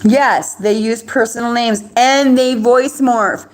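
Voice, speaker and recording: A middle-aged woman from the United States talking in a rambling live-stream monologue, agitated and quick, restarting sentences and laughing. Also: on the high side, steady tone. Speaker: livestreamer.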